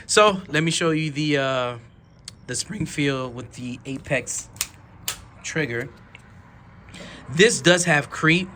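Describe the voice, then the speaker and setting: A man reviewing handguns in a rambling, enthusiastic way, dropping almost to a whisper while he slowly pulls each trigger. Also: fairly high pitch, bright, forceful tone, slight background noise. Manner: drops to a near whisper during slow trigger pulls. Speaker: gun reviewer. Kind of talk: casual product demo.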